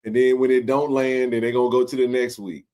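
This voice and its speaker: Guy hosting a sports stream, joking around, loose and lively, middle-pitched voice. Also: a little fast. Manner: animated, joking, colloquial. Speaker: sports talk show host. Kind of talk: casual livestream chat.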